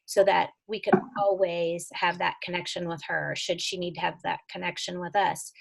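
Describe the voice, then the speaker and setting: A woman guest recounting her family's story in an interview, earnest and animated, her voice leaping up when she stresses a point. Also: creaky. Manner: earnest, animated, with sudden leaps in pitch when emphatic.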